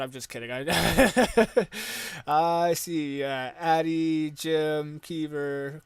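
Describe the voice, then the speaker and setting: A man's voice: fairly high pitch, takes it slowly, smooth, no echo. A Canadian man hosting a casual stream chat, rambling and joking with lots of filler words. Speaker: podcast host.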